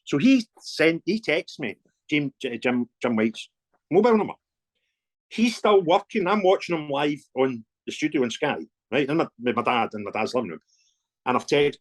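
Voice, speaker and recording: Scottish male fan campaigner, chatty storyteller, animated delivery. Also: on the high side, moderate pace, long pauses, breathy edge. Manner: animated anecdotes with voiced dialogue and laughs. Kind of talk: casual storytelling interview.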